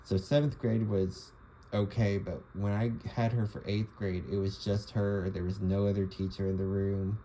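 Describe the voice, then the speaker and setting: A man's voice: on the low side, level tone, normal speed, mellow, a little hiss or hum, rough recording. A young man talking casually to the camera, rambling with lots of fillers and restarts. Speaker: vlogger. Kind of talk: casual monologue.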